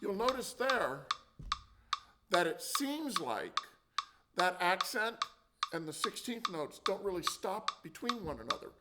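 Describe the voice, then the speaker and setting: A man's voice: sits high, sing-song, a little slow, very noisy. A man teaching a percussion lesson, explaining and counting out drum rhythms. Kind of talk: instructional demonstration. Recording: loud drumming and clicks behind.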